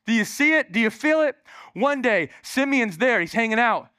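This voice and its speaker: A man preaching a lively sermon as pastor in a church, calling on the congregation and exclaiming as he goes. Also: very high voice, normal speed, clear, resonant tone, no echo, clean studio sound. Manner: calls on the crowd, exclaiming and animated.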